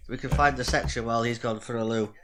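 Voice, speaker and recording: A man's voice: mid-range voice, fairly even intonation, fast talker, noisy background. A man in a casual podcast chat among friends, playful and jokey, talking over a video call. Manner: playful, jokey, bursts of loud teasing. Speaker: podcast co-host.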